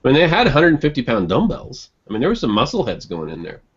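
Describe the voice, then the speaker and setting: A man chatting casually in an online group hangout, rambling with many restarts and quick chuckles. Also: mid-range voice, huge pitch swings, noisy background. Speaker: online hangout participant and blogger. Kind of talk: casual group video chat. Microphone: computer mic on a video call. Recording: muffled lo-fi call audio.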